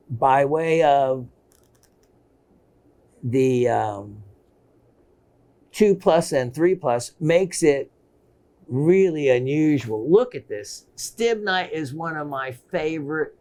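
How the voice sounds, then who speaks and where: A middle-aged man hosting a gemstone shopping show, presenting pieces with excitement and repeating phrases for emphasis. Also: medium pitch. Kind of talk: enthusiastic sales presentation.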